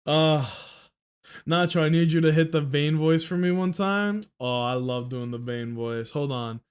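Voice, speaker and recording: A young man chatting casually on a livestream, excitable and swearing, with sudden loud outbursts. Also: a little high, measured pace, smooth. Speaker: streamer.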